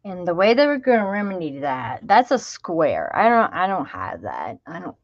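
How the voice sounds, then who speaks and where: A woman chats her way through a crafting project, half to her viewers and half to herself. Her voice sits low with a gravelly edge, and she takes her time. The sound is slightly dull and lo-fi. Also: huge pitch swings, normal speed, dry recording. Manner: chatty, talks to herself while working, drops into whispers. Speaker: craft video host. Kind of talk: casual crafting vlog chat.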